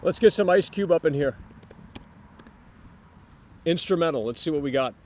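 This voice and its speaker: A man hosting a live stream, rambling to his chat with sudden loud bursts. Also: a little high, expressive, normal speed.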